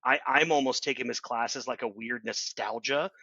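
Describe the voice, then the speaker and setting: A man in casual podcast chat with a gravelly, bright, forceful voice. He stammers and restarts often, and his musing turns easily into jokes. The recording is dry and slightly dull, with little high end. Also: no echo. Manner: halting, stammering, quick to joke. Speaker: podcast co-host.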